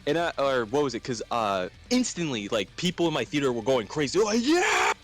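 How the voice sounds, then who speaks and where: A young man hosting a casual chat, telling stories with animated acted-out shouts and quotes. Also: medium pitch, fairly quick, soft background music. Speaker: host.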